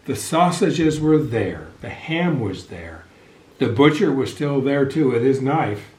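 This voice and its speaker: A man reading a picture book aloud to children with expressive, animated storytelling, over a video call. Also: mid-range voice, slow. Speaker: storybook reader. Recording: echoey room.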